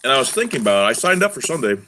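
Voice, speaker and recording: A man's voice: medium pitch, very animated, very fast, background noise. A young man co-hosting a casual live show, joking and rambling through a work story. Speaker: co-host. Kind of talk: casual podcast chat.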